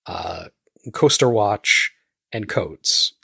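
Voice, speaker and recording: Husky, gravelly man ranting in casual chat. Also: fairly low pitch, animated, extremely slow, sharp tone, dry recording, clean studio sound. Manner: stammers and restarts while ranting. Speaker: podcast co-host.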